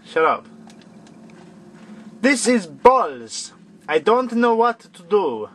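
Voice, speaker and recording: A man's voice: high voice, sing-song, very slow, a bit bright. A young man doing gameplay commentary, grumbling in exasperation and scolding the enemies on screen. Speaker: let's play gamer.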